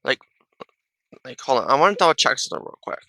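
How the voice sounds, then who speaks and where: Rambling, bright-voiced young man on a headset. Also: mid-range voice, expressive, fast, creaky, no room sound. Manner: rambling, with many restarts and a habitual "though". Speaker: reaction video host. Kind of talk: casual reaction commentary. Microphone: wireless gaming headset.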